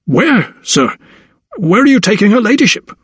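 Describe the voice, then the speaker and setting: A man's voice: sits high, very animated, normal speed, fairly bright tone, breathy edge, no echo, pitched above the performer's own voice, full character voice. An anxious, loyal household servant, as a male narrator puts him on, pleading urgently for answers. The reading sounds dry and close. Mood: alarmed.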